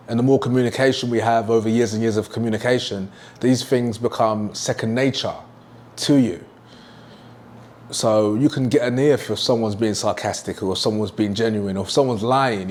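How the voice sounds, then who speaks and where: A man's voice: mid-range voice, steady tone, moderate pace, darkish tone. A young man teaching a sales lesson at a whiteboard, emphatic and repeating his key points. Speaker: sales trainer.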